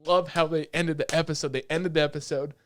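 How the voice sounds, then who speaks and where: A man co-hosting a casual anime podcast, excitable and profane, retelling scenes with animated energy. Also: a little high, a little fast. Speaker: podcast co-host.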